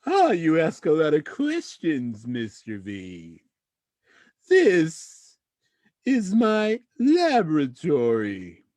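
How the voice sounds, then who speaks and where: A man's voice: on the high side, huge pitch swings, extremely slow, a little mellow, no echo, pitched above the performer's own voice, full character voice. A man voicing a creepy, leering underground boss with a sleazy, suggestive manner, in an improvised comedy bit. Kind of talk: improvised comedy role-play.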